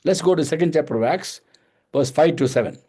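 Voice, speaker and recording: A man's voice: a little high, lively intonation, brisk, warm tone, husky. A man leading a Bible study, explaining verses one at a time, repeating phrases and asking and answering his own questions.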